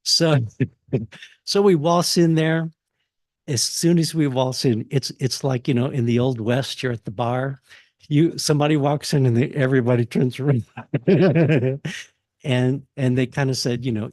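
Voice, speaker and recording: A man's voice: medium pitch, normal speed, darkish tone, no echo, studio quality. A man in his sixties from Texas, giving a casual university talk full of fillers, restarts and chuckles. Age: 60s. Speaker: guest speaker. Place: lecture hall.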